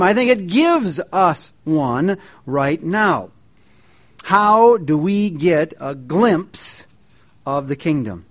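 A man's voice: on the high side, drawn-out words. Folksy joking male preacher. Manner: folksy and joking, with lively emphasis. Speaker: pastor. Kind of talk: sermon.

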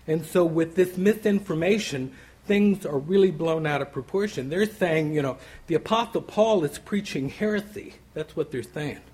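Man, Bible study teacher, slightly high voice, husky tone, chatty asides, restarts. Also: a little mellow, rough recording. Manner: conversational, many "you know" asides; restarts and repeats words while thinking aloud.

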